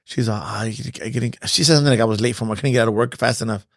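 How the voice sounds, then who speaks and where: Male boxing coach, quick blunt profane talker, gravelly voice, dry sound. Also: mid-range voice, dry recording. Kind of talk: casual podcast chat.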